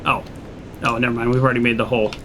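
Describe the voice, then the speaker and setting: A man at middle pitch talking over his game playthrough, thinking aloud. He sounds dry and sarcastic, often grumbling. A faint hiss of noise sits under the voice. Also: little pitch movement, rapid-fire, fairly bright tone, low-quality recording. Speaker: gaming channel host. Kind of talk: let's play commentary.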